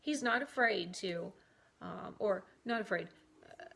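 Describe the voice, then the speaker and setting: A woman's voice: medium pitch, unhurried, gravelly, fairly bright tone. A woman vlogger reading self-help affirmations to camera, repeating them, then wandering off into chatty asides. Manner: reads aloud, then breaks off into rambling asides. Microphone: camera mic.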